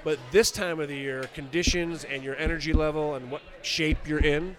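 A man's voice: on the high side, fairly even intonation, normal speed. A man who coaches skiing, talking practically and encouragingly in an outdoor interview. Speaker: ski coach and exam selector.

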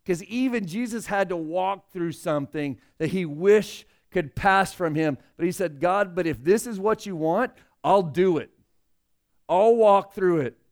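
A young male pastor preaches a sermon in an earnest, conversational tone, getting loud when he hits emotional points. His voice sits high and his pace is a little slow.

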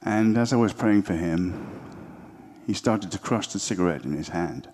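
A man's voice: low voice, expressive, normal speed, darkish tone. A man telling an earnest story to a church gathering, acting out both sides of a conversation. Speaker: church member sharing a story. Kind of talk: spoken testimony to an audience.

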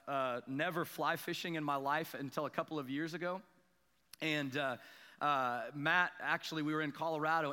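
Man, pastor, sermon, high bright tone, long hall reverb. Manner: storytelling, self-deprecating, rising to excited emphasis. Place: church sanctuary.

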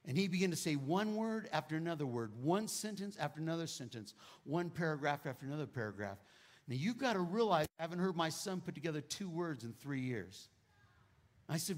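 Emphatic male preacher, slightly high voice. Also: animated, a little fast. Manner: emphatic preaching, swings between hushed quotes and loud exclamation. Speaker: pastor. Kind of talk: sermon testimony.

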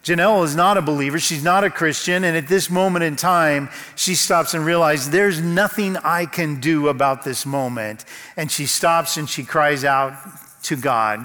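A man's voice: fairly high pitch, bright, forceful tone. Preaching man in a reverberant hall. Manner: storytelling, slow dramatic pauses. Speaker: pastor. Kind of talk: sermon.

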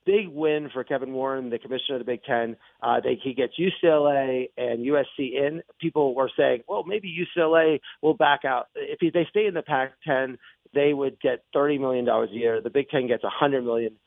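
A man hosting sports radio talk, excitable and rambling as he makes his points. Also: mid-range voice, brisk, creaky, no echo. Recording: tinny phone-like broadcast audio.

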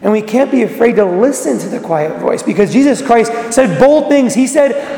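A man preaching a sermon, urging his listeners on and then dropping to a hush. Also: very high-pitched, expressive, a little fast, hardly any pauses. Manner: earnest, exhortative, with sudden drops to a hush. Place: church. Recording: echoey church with long reverb.

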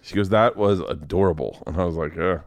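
A man's voice: low-pitched, brisk, no room sound. A man from the Southern US hosting a podcast, talking in a loose, playful and blunt way, with some swearing. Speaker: podcast host. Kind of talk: casual chat.

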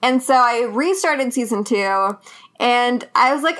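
A woman with a somewhat high-pitched voice chats casually as a podcast guest. She rambles through her thoughts, filling pauses with "like" and "um" and laughing often. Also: animated, a bit bright. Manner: giggly, rambling with many fillers. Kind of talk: casual chat.

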